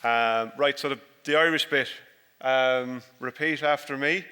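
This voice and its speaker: A man's voice: mid-range voice, fairly even intonation, normal speed, bright, forceful tone, smooth. A dairy farmer giving a chatty, jokey conference presentation about his farm. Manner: jokey, chatty and self-deprecating. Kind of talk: informal conference presentation with slides. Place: large conference hall. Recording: long hall reverb.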